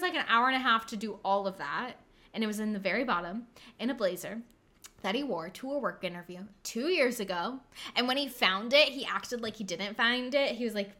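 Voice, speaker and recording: A young woman co-hosting a casual podcast, telling a story with lively acted-out quotes and frequent laughter. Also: mid-range voice, brisk. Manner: animated storyteller, acts out quotes, laughs often. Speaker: podcast co-host.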